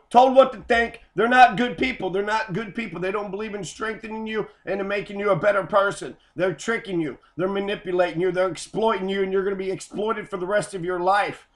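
A man's voice: high voice, fairly even intonation, normal speed, hardly any pauses. A man in an angry, profane rant, cursing and repeating himself. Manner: heated, cursing, repetitive. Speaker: host.

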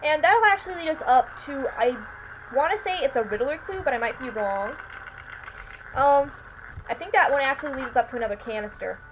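A woman's voice: sits high, animated, a little fast, low-quality recording. A tired, yawning woman giving rambling, chatty commentary while she plays a video game. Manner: chatty, rambling, keeps saying "anyway". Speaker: let's player. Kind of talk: casual gameplay commentary. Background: faint washing machine hum.

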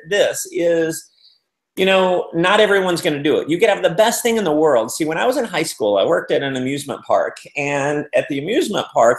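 A business speaker gives a motivational talk, animatedly telling stories and acting out the quotes of the people in them. His voice is a little high and creaky, and the recording has a roomy echo.

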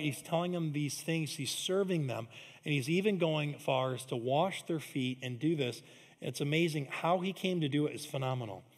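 A man preaching a sermon in a large church, conversational, swinging between loud emphatic lines and hushed asides. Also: a little high. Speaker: pastor. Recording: long hall reverb.

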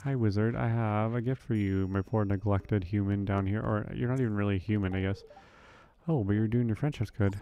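A man's voice: lowish voice, steady tone, brisk, warm tone. A man casually commenting on a farming game as he plays, thinking aloud with frequent ums and questions to himself. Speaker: let's play host.

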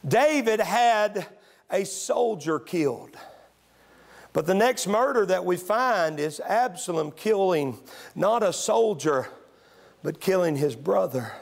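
Male pastor, high pitch, preaching sermon that swings from quiet teaching to shouting. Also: expressive, slow pace, creaky. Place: church sanctuary.

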